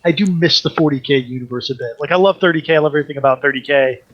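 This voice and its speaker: A man co-hosting a casual podcast chat, joking and swearing in a relaxed way. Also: on the high side, rapid-fire, dull audio. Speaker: podcast co-host.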